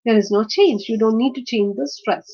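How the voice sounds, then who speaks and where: In an online lesson on word stress, a woman with a slightly high, mellow, faintly rough voice explains things step by step at a normal speed. She uses lots of fillers and keeps checking in with "right?" The recording is dull and lo-fi.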